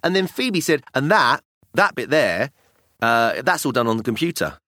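Casting note: British podcast dad, animated and bright-voiced, dry close mic. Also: male voice, mid-range voice, moderate pace, no room sound. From United Kingdom. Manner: animated storytelling, acting out kids' voices. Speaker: podcast co-host. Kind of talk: casual chat.

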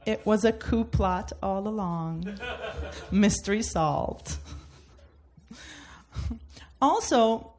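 A woman's voice: medium pitch, drawn-out words, long pauses, a little mellow, slight background noise. A woman from Turkey doing a comedic debate bit, laughing through her jokes.

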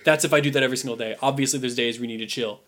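A young man chats casually as a podcast co-host, wandering from thought to thought with plenty of "like" and "um". His voice sits in an ordinary middle pitch. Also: steady tone, racing, a bit bright. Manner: rambling, lots of "like" and "um" fillers. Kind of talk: casual chat.

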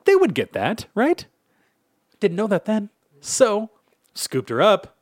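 An American man co-hosting a podcast, telling a crude story in an animated, laughing way. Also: high-pitched, slow pace, dry recording, studio quality. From United States. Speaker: podcast co-host. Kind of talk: casual storytelling chat.

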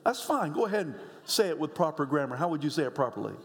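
A middle-aged male pastor preaching a sermon, swinging from low, quiet lines up to high shouts. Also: very animated, quick pace, long reverb tail. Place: church sanctuary.

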